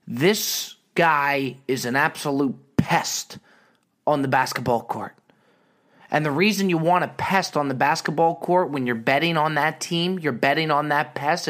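A man hosting his own show, telling a story in a profane, wisecracking and lively way. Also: fairly high pitch. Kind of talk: casual storytelling monologue.

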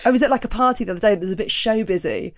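A woman, a stand-up comic hosting a casual interview and acting out quoted voices. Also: racing. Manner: chatty, acts out quoted voices with big pitch jumps. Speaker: podcast host and stand-up comic.

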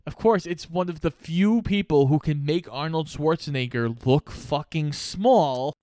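Low-voiced sarcastic woman co-host. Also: unhurried, warm tone, no room sound. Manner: dry, sarcastic, swears. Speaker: podcast co-host. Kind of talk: casual movie recap chat.

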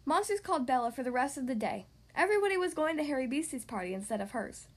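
A woman reading a children's picture book aloud in an expressive, sing-song way. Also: high voice, fast, few pauses. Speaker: storyteller.

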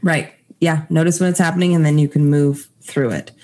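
Lower-voiced mother in casual chat. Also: fairly even intonation, fairly quick. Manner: warm-hearted, advising, laughs often.

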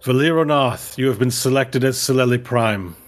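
A man's voice: medium pitch, moderate pace, soft background music, voice pushed up, natural voice. A man playing a formal elf council leader. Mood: ceremonial. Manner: formal, proclamatory.

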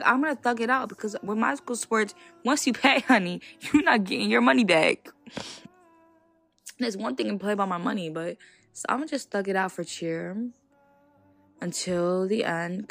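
A young woman hosts a casual solo podcast, speaking her mind in an animated, outspoken way. Her voice sits on the low side and has a gravelly, fried texture. Faint music plays behind her. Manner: animated, outspoken, laughs between points. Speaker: podcast host.

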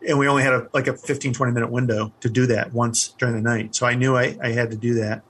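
A middle-aged man, a former army helicopter pilot, telling his story in an interview, candid and halting with many fillers. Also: mid-range voice, level tone, a bit bright, slightly rough.

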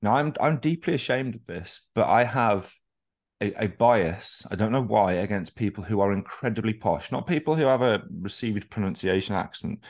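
With a lowish, expressive voice at a moderate pace, this podcast co-host rambles through long, candid stories in casual chat. He swears, restarts his sentences and pokes fun at himself.

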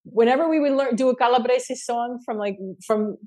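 A woman from the United States, a guest singer, telling stories in lively, casual podcast talk. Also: fairly high pitch, moderate pace. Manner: lively storyteller, laughs easily.

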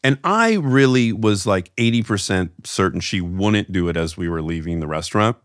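A middle-aged man with a lowish voice tells a story on his podcast and jumps into the voices of the people in it. He sounds close and dry, with no room around him. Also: normal speed, no echo. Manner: animated storyteller who acts out quoted voices. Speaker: podcast host. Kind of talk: casual storytelling chat.

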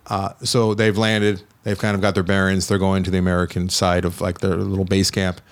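A man hosting a casual podcast chat, animated and teasing, his voice jumping high when he gets exasperated. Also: fairly quick. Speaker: podcast host.

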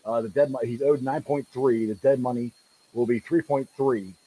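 A man hosting a casual live-streamed sports podcast, laughing often and getting loud when excited. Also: mid-range voice, normal speed, breathy edge, low-quality recording. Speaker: podcast host. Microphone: home desk mic.

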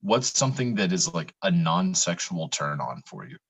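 Very deep, husky-voiced hesitant man. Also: sing-song, moderate pace. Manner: hesitant, full of fillers. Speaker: host. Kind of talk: casual chat.

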